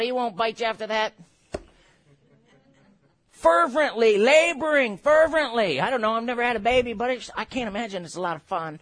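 High-voiced emphatic male preacher. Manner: emphatic, builds to shouted exhortations and quick asides. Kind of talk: sermon.

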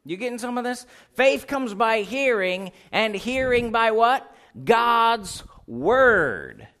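A man's voice: extremely high pitch, expressive, takes it slowly, pushed and bright. A man preaching a sermon, reading scripture aloud and putting questions to his congregation.

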